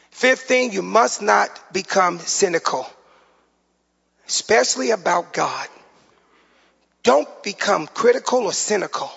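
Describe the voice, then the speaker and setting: A man in his forties, a pastor preaching a sermon in an animated, loud way, slipping into a sing-song preaching cadence. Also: high-pitched, a little slow, vocal fry, long pauses, slightly rough. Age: 40s. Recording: reverberant hall, dull lo-fi sound.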